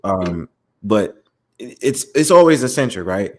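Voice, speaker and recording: A man's voice: fairly low pitch, a little slow. A man with a New York accent, a stream host talking eagerly and loosely about his home city in casual chat. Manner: rambling, excitable, slangy.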